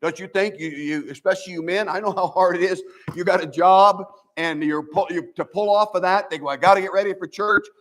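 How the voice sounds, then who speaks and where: Older male pastor, slightly high voice, folksy earnest sermon, church setting. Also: steady tone, a little fast, few pauses. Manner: folksy, earnest preaching with many restarts and scripture quotes. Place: church sanctuary.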